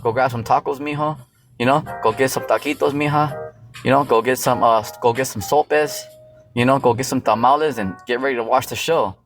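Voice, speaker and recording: A man gives casual Bible teaching in a loose, street-level style, swearing freely and filling nearly every thought with "you know." His pitch is ordinary, and faint music plays beneath him.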